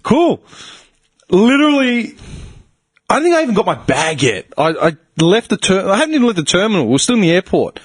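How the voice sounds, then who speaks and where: A man's voice: high-pitched, big pitch swings, dry recording. A man in his twenties with an Australian accent, a podcast host telling a rambling, sweary story in casual chat and acting out his relatives' lines. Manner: rambling, sweary, quick with fillers like "literally"; mimics relatives in quoted voices.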